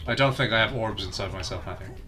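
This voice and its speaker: A man with a fairly low, bright and forceful voice talks at a quick pace. Streaming a video game, he chats casually with friends and mutters self-deprecating jokes while searching.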